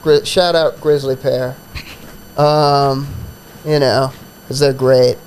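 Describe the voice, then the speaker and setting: A man's voice: medium pitch, flat delivery, slow pace, a little hiss or hum, poor audio. A man who hosts a comedy podcast, telling a profane, rambling story in a casual chat full of fillers.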